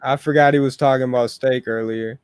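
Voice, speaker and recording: A man chatting casually on a live stream, relaxed, with a few hesitant restarts. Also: mid-range voice, a little fast, clean tone, no echo, studio quality. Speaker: podcast co-host.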